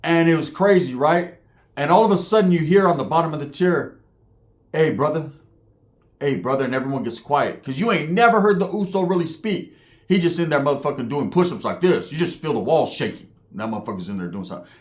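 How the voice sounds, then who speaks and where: A man's voice: a little high, lively intonation, fast talker. Streetwise man telling a story. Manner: streetwise, profane, frequent "right?" asides. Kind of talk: casual spoken storytelling.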